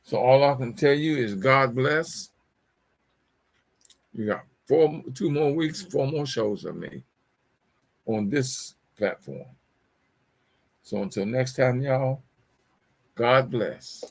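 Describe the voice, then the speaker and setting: A middle-aged man with a gravelly, fry-edged voice hosts a motivational talk show. He preaches at his listeners, repeats his key phrases and keeps calling them y'all. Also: medium pitch, expressive, slow, long pauses. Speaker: show host.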